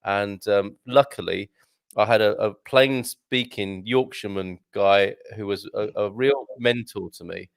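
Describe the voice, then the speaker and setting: A man's voice: on the low side, unhurried, vocal fry, no room sound. A middle-aged man chatting loosely on a live stream, trailing off and restarting his sentences as he reads out comments. The sound is dry and close, with no room around it. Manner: rambling, many restarts, chuckles. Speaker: co-host reading viewer comments. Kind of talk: casual chat on a live stream.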